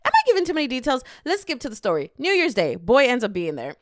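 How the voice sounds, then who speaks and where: A young woman rants casually into the mic, her voice rising and falling a lot as she laughs and acts out what people said. Her voice sits a little high, and the recording is dry and close. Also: fairly quick, no room sound. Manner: animated, laughing, dramatic quoted asides. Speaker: podcast host. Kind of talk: casual storytelling rant.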